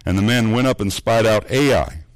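A man preaching a sermon, earnest, repeating words as he builds points and dropping low and soft for emphasis. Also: expressive, moderate pace, no echo. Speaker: pastor.

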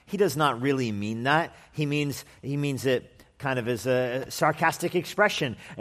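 A man's voice: a little high, normal speed, few pauses, a bit bright. A man preaching an expository sermon as pastor in a conversational manner with wry asides, sometimes acting out quoted voices. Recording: long hall reverb.

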